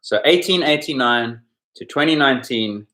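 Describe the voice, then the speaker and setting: A man's voice: medium pitch, expressive, moderate pace, sharp tone. A man hosting a podcast quiz, talking casually as he explains the answers with chatty asides. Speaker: podcast host running a sports quiz. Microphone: podcast microphone.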